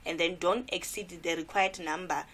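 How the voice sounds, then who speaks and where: A woman's voice: fairly low pitch, steady tone, moderate pace, a bit bright, a little hiss or hum. A South African woman teacher giving an exam revision lesson, repeating key points and asking rhetorical questions.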